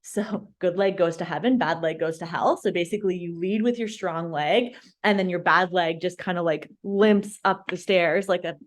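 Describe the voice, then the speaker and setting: Lively woman telling a story. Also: fairly low pitch, normal speed, hardly any pauses. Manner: animated storyteller, laughing at her own story. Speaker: podcast guest, registered dietitian. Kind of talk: casual storytelling interview.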